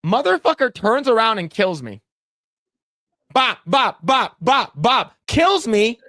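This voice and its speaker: A man's voice: very high-pitched, very animated, slow pace, bright, forceful tone, no room sound, clean studio sound. A man co-hosting a podcast, telling a rambling gaming story with lots of fillers and frequent laughter. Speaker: podcast co-host. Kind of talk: casual chat, storytelling.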